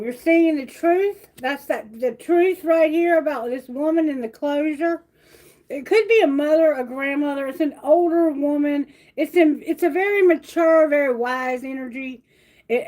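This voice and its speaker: Casting: woman, high-pitched tarot streamer, blunt, foul-mouthed, lively delivery. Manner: blunt, swears freely, animated. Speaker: tarot reader. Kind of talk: live-stream tarot reading.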